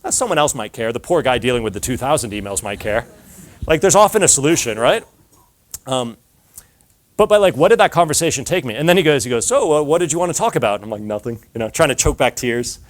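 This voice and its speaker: A man's voice: medium pitch, animated, fast talker. A man giving a casual talk to an audience, telling stories with lots of filler words and acted-out dialogue.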